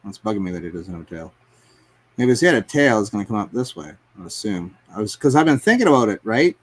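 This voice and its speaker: A man's voice: fairly low pitch, sing-song, fast, breathy edge. A man live streaming as he paints, rambling to himself and his chat in a casual, profane way. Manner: rambling, talks to himself and chat, swears often.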